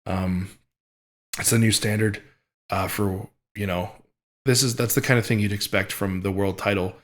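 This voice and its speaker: A young man with a deep, low voice talks through his competition in a vlog. He speaks haltingly and restarts often, full of fillers. He sounds choked up, close to tears. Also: fairly even intonation. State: emotional, near tears. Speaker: strongman athlete. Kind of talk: emotional vlog recap.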